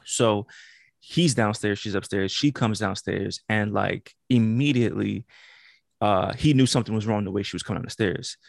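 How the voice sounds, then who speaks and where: Gravelly man telling a story with laughs. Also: fairly low pitch, normal speed, dry recording, studio quality. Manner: animated storyteller who acts out quotes, laughs often. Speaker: podcast co-host. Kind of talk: casual storytelling chat.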